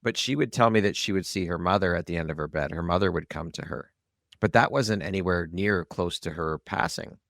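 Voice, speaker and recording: A man's voice: low voice, brisk, vocal fry, fairly bright tone, dry recording, studio quality. A man in his fifties hosting a podcast, mostly listening with short agreements and asking questions. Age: 50s. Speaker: podcast host. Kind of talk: casual interview.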